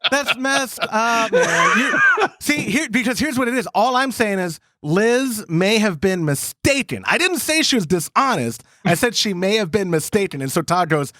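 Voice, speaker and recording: Male podcast host, chatty and animated, swooping pitch, dry close mic. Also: normal speed, hardly any pauses, no room sound. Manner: animated storytelling with quoted voices. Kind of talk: casual chat.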